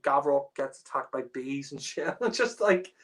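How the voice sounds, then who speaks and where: A man's voice: medium pitch, animated, moderate pace, fairly bright tone. A man rants through a casual spoken review in an exasperated, profane way. His talk is loose and full of fillers like "you know" and "like." He breaks into laughter often as he complains.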